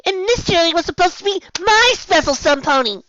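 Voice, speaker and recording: A woman voicing a heartbroken young girl pony who squeaks and cries in a very high voice. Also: expressive, brisk, a bit bright, no echo, highs cut off. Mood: indignant. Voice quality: very high, squeaky and cracking with tears.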